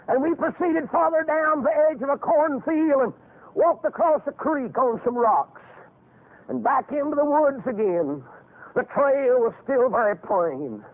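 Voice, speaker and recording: Older preacher guy, really high husky voice, folksy then shouting, tinny phone-ish audio. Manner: folksy storytelling that rises into shouted exhortation. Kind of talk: fiery revival sermon.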